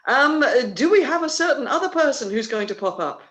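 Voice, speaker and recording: A man's voice: very high voice, very animated, brisk, sharp tone. A man hosting an online theatre livestream, chatty and rambling, with many fillers and restarts, talking over a video call. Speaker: theatre company host. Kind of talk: casual livestream announcements.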